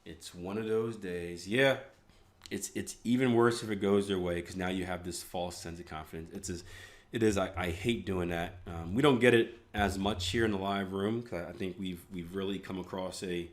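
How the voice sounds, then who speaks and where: A man's voice: sits low, fairly even intonation, moderate pace. A man hosting a live trading room, analyzing charts in a casual, chatty way with rambling asides.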